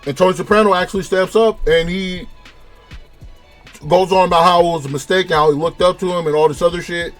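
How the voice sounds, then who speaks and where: Faint music plays behind a young Californian show reviewer whose voice sits high and whose pace is a little fast. He rambles through a casual, profane review of a TV episode, retelling it with animation.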